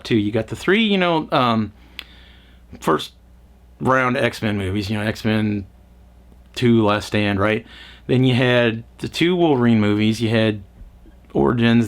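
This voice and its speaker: A man reviewing a film in casual talk, rambling and sarcastic, with exasperated asides and a little swearing. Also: fairly low pitch. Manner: profane, mocking quoted voices. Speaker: movie reviewer.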